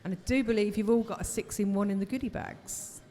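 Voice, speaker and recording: A woman's voice: mid-range voice, fairly even intonation, fairly quick, mellow. Woman, casual aside, distant with long hall reverb and faint noise. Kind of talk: casual chat.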